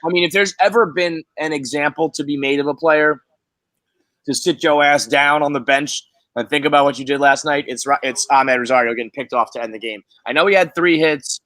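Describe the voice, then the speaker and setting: A man's voice: a little high, a little fast, fairly bright tone, dry recording. A man hosting a casual sports podcast from an office, profane and exasperated as he talks. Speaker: podcast host.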